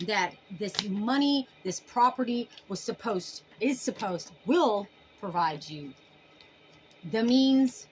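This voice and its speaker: A woman's voice: a little high, expressive, slow pace, faint music behind, low-quality recording. A woman giving a casual tarot reading to camera, emphatic and folksy, full of sassy endearments. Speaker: tarot reader.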